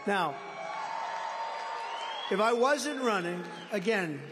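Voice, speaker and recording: A man's voice: animated, slow, over music, crowd noise. Rambling man speaking at a rally. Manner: rambling, emphatic, repeats phrases, swings from shouting to low asides. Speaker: political candidate. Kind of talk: campaign rally speech. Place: large indoor university venue. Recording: reverberant hall, faint background noise.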